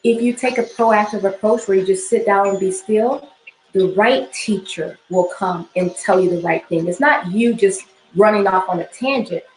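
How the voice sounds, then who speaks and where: A woman's voice: medium pitch, normal speed, a little mellow, reverberant, slight background noise, low-quality recording. A woman spiritual teacher giving an instructional talk, often repeating phrases and checking in with "okay?".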